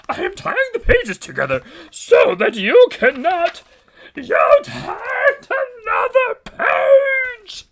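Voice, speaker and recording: A man's voice: very high voice, creaky, voice pushed up, exaggerated voice. A man voicing a lovable, anxious old male furry monster in a children's storybook read-aloud, pleading frantically in formal speech without contractions.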